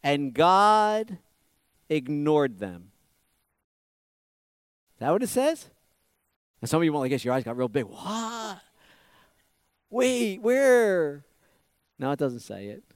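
A man preaching a conversational sermon, repeating phrases and asking the listeners questions, swinging from loud emphasis to hushed asides. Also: on the high side, very animated, slow pace, long pauses, smooth, dry recording, studio quality. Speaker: pastor.

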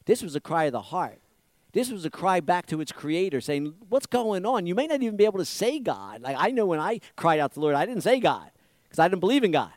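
A man with a notably high voice preaches in an easy, conversational way. He repeats phrases, asks the congregation questions and drops to a near murmur before rising again. The sound is close and dry, with no room around it. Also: very animated, fairly quick, dry recording. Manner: repetitive, rhetorical questions, swings from loud to hushed. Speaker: pastor. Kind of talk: conversational sermon.

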